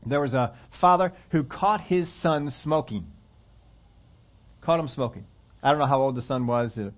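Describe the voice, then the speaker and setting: A man preaching a sermon, reading scripture and telling stories with emphatic repetition. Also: medium pitch. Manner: animated storytelling, emphatic repetition. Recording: dull lo-fi recording.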